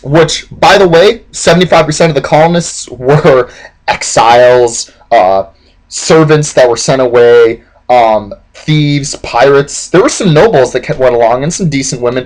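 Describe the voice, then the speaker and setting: A man's voice: mid-range voice, poor audio. A man telling history as casual, profane comedy, rambling and saying "like" constantly. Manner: rambling, profane, heavy use of "like".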